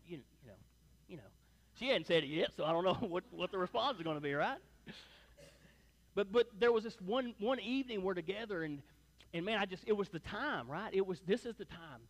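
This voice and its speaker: A man's voice: high voice, in a large hall. A middle-aged man, a pastor, preaching a sermon to his church in a folksy, conversational way that leans on tag questions. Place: church sanctuary before a congregation.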